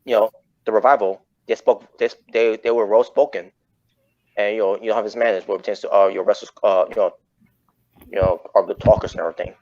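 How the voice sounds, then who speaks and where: A man's voice: fairly low pitch, fairly even intonation, quick pace, darkish tone. A man hosting a casual wrestling chat podcast, rambling and often correcting himself mid-sentence. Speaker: podcast host. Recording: muffled lo-fi audio.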